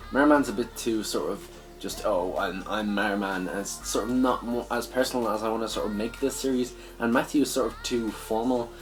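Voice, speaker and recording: A young man with an Irish accent hosting a casual vlog, rambling with lots of "sort of" and frequent swearing. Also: lowish voice. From Ireland. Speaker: gaming channel host.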